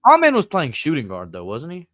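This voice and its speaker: A man's voice: a little high, wildly swooping pitch, fairly quick, fairly bright tone, dry recording. A man co-hosting a casual sports talk stream, joking around and speaking bluntly in loose slang. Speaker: podcast co-host. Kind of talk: casual chat.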